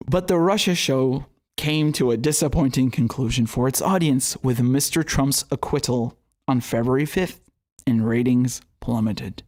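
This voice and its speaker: A man's voice: mid-range voice, brisk. A young man giving a heated solo political commentary, swearing often and ranting sarcastically. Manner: profane, animated, sarcastic rants.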